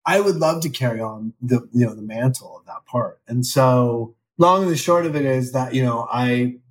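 A man's voice: mid-range voice, normal speed. A man in his fifties, an actor guest in a casual interview, talking candidly in a rambling, self-deprecating way. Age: 50s.

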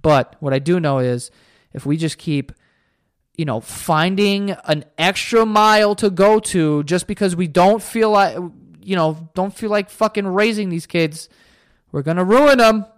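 A man's voice: high-pitched, measured pace, clear, resonant tone. A young man hosting a solo podcast, ranting in an exasperated, profane way. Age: young adult. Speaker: podcast host.

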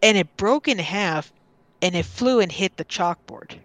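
Halting woman telling a personal story. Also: medium pitch, lively intonation, a bit bright, dry recording. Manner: halting, restarts and repeats words. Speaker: podcast guest. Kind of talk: casual storytelling.

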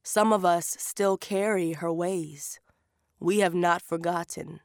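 Woman narrator playing an elderly, knowing market woman over sixty, slow and gently scolding. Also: fairly low pitch, fairly even intonation, no room sound, clean studio sound.

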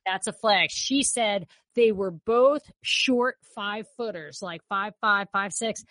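A woman's voice: mid-range voice, takes it slowly, fairly bright tone, dry recording. A woman co-hosting a political podcast, opinionated and conversational. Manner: opinionated, conversational, restarts often. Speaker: podcast co-host. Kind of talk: casual political podcast chat.

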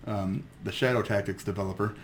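A man co-hosting a gaming podcast who chats in a casual way, reacting quickly and joking about games. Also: on the low side, steady tone. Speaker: podcast co-host.

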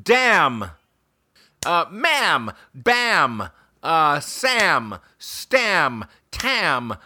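A man with a bright, lively voice throws out rapid guesses in a casual game chat. He sounds blunt and incredulous, and his pitch swings a lot as he goes. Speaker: podcast co-host.

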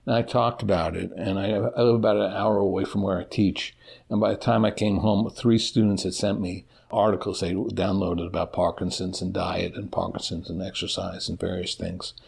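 Man, middle-aged, husky, gravelly, candid interview guest, halting speech. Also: low-pitched, level tone, darkish tone. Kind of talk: personal storytelling in an interview.

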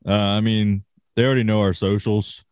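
A man's voice: on the low side, flat delivery, moderate pace, darkish tone, smooth, no echo, studio quality. A man co-hosting a casual podcast, sarcastic and ranting with plenty of swearing. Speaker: podcast co-host.

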